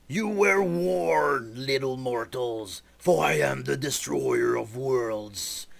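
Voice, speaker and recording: A threatening male spirit from the sky, put on by a man telling the story speaks in slow, drawn-out proclamations. He sounds unhurried, warning small mortals with measured menace. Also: medium pitch, lively intonation, fairly bright tone. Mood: menacing. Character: menacing male sky entity, enemy of light.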